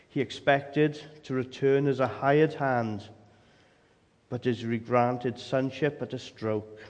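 A man's voice: mid-range voice, a little mellow. Man preaching in a reverberant hall. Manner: emphatic, rhetorical questions, acts out quotes. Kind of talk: sermon.

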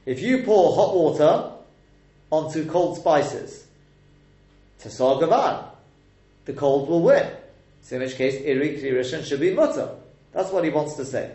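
A man's voice: a little high, animated, a little slow, pauses often, warm tone. A man teaching a text lesson, explaining step by step and quizzing his listeners with rhetorical questions. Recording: echoey room.

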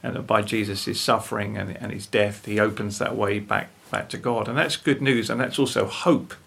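An older man, talking earnestly about faith as a guest, with a gravelly, husky voice and tag questions. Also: fairly low pitch, steady tone, moderate pace, fairly bright tone. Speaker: guest speaker.

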